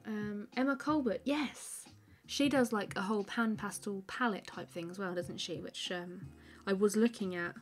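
A woman's voice: mid-range voice, moderate pace, few pauses, faint music behind. A woman chatting casually on a live stream while she draws, laughing often, rambling with plenty of fillers, and reading viewer comments aloud to answer them. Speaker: artist live-streaming a drawing.

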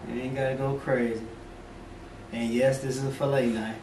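A man's voice: mid-range voice, level tone, normal speed, recorded from a distance. A middle-aged man walks viewers through a home recipe in a loose, joking way, full of slang and asides. His mid-range voice sits back from the mic, with the room echoing around it and a faint hum of background noise. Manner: playful, joking, talks straight to viewers in Southern US slang. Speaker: home cooking video host. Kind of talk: casual cooking demonstration. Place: home kitchen.

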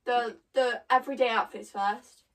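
A woman co-hosting a home vlog, talking quickly and offhandedly in casual chat. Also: a little high, steady tone, fairly bright tone. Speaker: vlogger co-host. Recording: voice from a distance.

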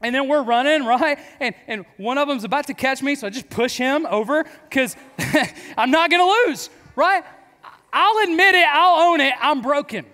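A man's voice: extremely high pitch, normal speed, pushed and bright. A man in his thirties preaching to students, telling funny stories about himself in a casual, joking manner. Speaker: youth pastor. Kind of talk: youth sermon. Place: large hall with audience. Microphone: clip-on mic. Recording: long hall reverb.

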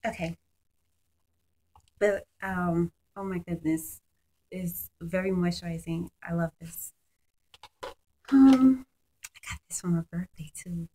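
A woman's voice: lowish voice, a little hiss or hum, poor audio. A woman chatting at home about her favorite beauty products, gushing and using lots of fillers. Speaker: beauty vlogger. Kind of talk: casual product review. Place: at home, children nearby.

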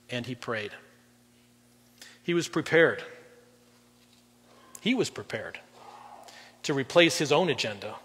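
Middle-aged male preacher, husky tone, fairly high voice, conversational sermon with loud and soft swings. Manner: conversational preaching, swings between loud emphasis and quiet drops. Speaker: guest pastor. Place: church auditorium. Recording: long reverb in a large hall.

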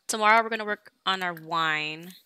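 This let's play streamer, a young woman, casually comments on her life-sim game, talking to viewers and bossing her characters around. Her voice is on the low side, pushed and bright, at a normal speed.

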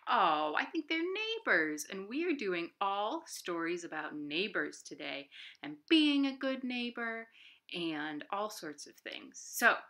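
A woman leads a children's storytime from home, her bright voice swooping up and down with gasps and playful sound effects. She reads unhurried and clear, as if to little listeners. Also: medium pitch. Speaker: library storytime host. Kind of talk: reading a picture book aloud to children.

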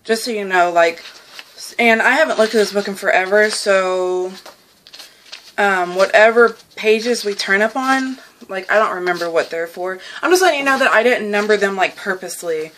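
A woman's voice: mid-range voice, normal speed. Chatty young woman, faint noise. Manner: chatty, laughing, filler-heavy, excitable. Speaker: vlogger. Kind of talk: casual journaling vlog.

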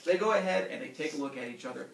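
A man teaching a class, retelling a myth in a jokey, animated way and acting out the characters. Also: mid-range voice, rapid-fire, creaky, slight background noise. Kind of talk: classroom storytelling. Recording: echoey classroom from far off.

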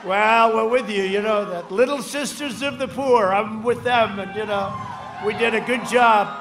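An older man in his seventies giving a rambling rally speech outdoors, repeating himself and swinging between shouted lines and low asides. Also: normal speed. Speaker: politician speaking at a rally. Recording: echoey outdoor rally with crowd ambience.

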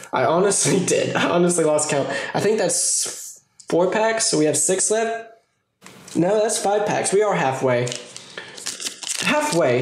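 A young man giving casual, joking commentary while opening card packs, swearing often. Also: high-pitched. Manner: excitable, swears a lot, jokey asides. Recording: echoey room with faint noise.

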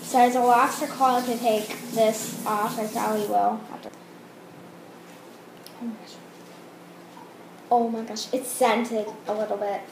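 High, gushing young woman unboxing a toy. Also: a little slow, pauses often. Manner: gushing, breathless excitement with frequent exclamations. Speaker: toy vlogger. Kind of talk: excited unboxing vlog. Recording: echoey room with clear background noise.

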